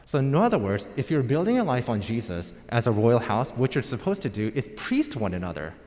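A man's voice: mid-range voice, big pitch swings, fairly quick, a little mellow. An American man preaching a sermon as pastor, in a conversational storytelling manner. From United States. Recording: long hall reverb.

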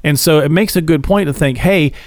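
A man's voice: a little high, a little fast, no room sound. A man hosting a radio finance show, chatty and jokey, laughing easily. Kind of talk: casual radio talk show chat.

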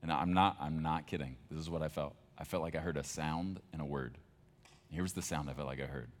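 Deep-voiced man preaching. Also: steady tone, brisk. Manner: conversational, emphatic storytelling with laughs. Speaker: pastor. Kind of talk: sermon.

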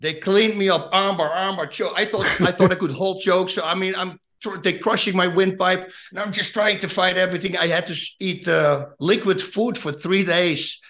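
A middle-aged man with a Dutch accent, a retired fighter telling lively stories as a guest and acting out the voices in them. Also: high-pitched, moderate pace, hardly any pauses. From Netherlands. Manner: animated, acts out voices in his anecdotes. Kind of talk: casual storytelling.

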